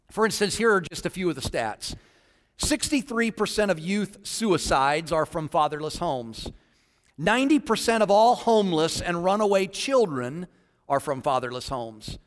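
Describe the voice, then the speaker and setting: Male pastor, higher voice, preaching style, long hall reverb. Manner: preaching, jokes then earnest statistics. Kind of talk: sermon.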